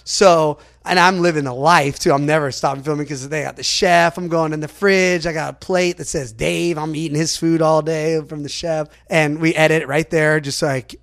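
A man tells a long story as a podcast guest, his voice pitched a little higher than most men's. He rambles and is animated, stuffing his sentences with "like". He acts out the lines of other people as he goes. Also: normal speed, vocal fry, hardly any pauses. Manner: rambling, animated, packed with "like" fillers. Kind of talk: casual storytelling in an interview.

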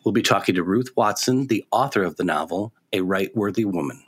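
A man co-hosting a book podcast, effusive and quick to praise, often restarting his sentences. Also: lowish voice, slightly rough. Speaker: podcast co-host.

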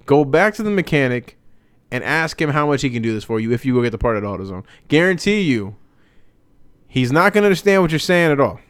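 This young man tells a story loosely and with plenty of humor, swearing freely as he goes. His voice is smooth and resonant, rising and falling with a lot of movement. The recording is dry and close, with no room sound behind it. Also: medium pitch, brisk, no echo. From Hispanic family, father speaks Spanish. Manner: animated, profane, jokey storytelling. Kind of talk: casual storytelling chat.

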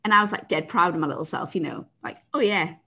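A woman's voice: low voice, fast talker, sharp tone, husky. A woman chatting casually, telling stories with laughter, acting out voices and swearing. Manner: laughing storyteller, acts out quoted voices, swears. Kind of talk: casual chat.

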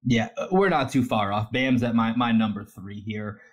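A man co-hosting a casual sports podcast, explaining his points in a measured, think-aloud way. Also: fairly low pitch, slightly rough. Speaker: podcast co-host.

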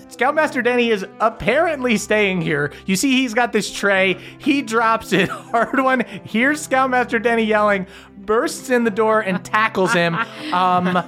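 A man's voice: sits high, sharp tone. A man narrating as game master of a tabletop game, loose and laughing, with plenty of fillers.

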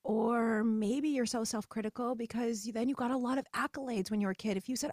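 A middle-aged woman hosting a podcast, talking in a chatty, animated way and acting out the voices she quotes. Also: fairly high pitch, a little fast, no echo, clean studio sound. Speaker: podcast host. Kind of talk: casual solo podcast monologue.

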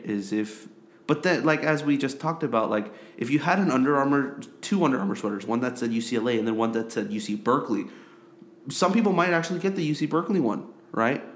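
A young man who grew up in Korea talks sports in a loose, casual podcast chat. He rambles, leans on "like" and "um", and circles back over the same phrases before landing his point. His voice sits at an ordinary middle pitch. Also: animated, fairly quick. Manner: rambling, filler-heavy, repeats himself. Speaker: podcast co-host.

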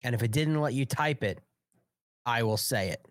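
A man's voice: mid-range voice, moderate pace, no room sound, studio quality. A man in his forties hosting a live political show, talking in an unfiltered, profane and angry rant. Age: 40s. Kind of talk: live online political commentary.

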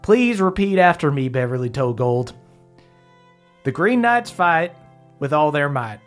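A game master voicing a brisk ceremonial elder woman. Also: mid-range voice, very animated, soft background music. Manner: firm, ceremonial, rhythmic recitation.

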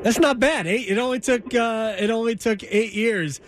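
A male radio host with a high voice asks his guest questions and laughs along with his stories. A faint hum of noise sits under him. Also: moderate pace. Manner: laughs along, brief acknowledgments. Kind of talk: radio interview.

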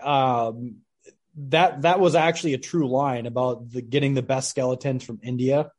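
A man's voice: medium pitch, fairly even intonation, normal speed, darkish tone. Chill guy rambling on a movie podcast, normal mid voice. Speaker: podcast guest. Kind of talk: casual movie discussion.

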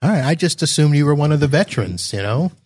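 A man's voice: fairly high pitch, lively intonation, fast talker, a little mellow, dry recording, clean studio sound. A man hosting a casual interview, joking and laughing often with his guest. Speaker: show host.

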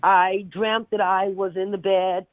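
A woman calling in to a radio show, a fast, chatty storyteller. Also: medium pitch, flat delivery, no room sound. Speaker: caller. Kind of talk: telling a dream on a call-in show. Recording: tinny phone line.

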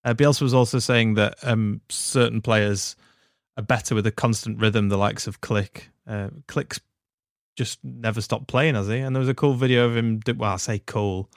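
A man's voice: fairly low pitch, fairly even intonation, normal speed, no echo. A young man co-hosting a football podcast, chatting easily with dry jokes and reading out stats. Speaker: podcast co-host. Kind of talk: casual chat.

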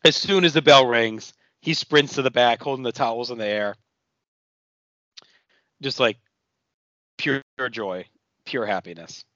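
A man's voice: mid-range voice, a little slow, pauses often, pushed and bright, no room sound, lo-fi sound. A man co-hosting a podcast in casual chat, enthusiastic and rambling. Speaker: podcast co-host.

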